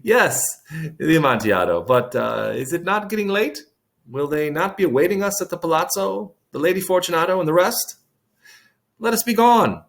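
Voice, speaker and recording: A man's voice: a little high, big pitch swings, moderate pace, pitched above the performer's own voice. A man voicing a drunken nobleman trapped behind a wall, laughing in hysterics and pleading to leave.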